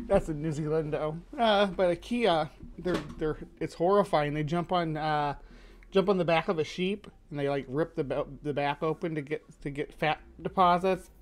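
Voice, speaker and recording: A man with a fairly high voice chats casually, reacting with excitement between readings. He rambles, restarts his sentences and leans heavily on "like". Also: moderate pace. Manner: excitable, rambling, lots of "like" and restarts, laughs often. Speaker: podcast co-host. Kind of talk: casual chat.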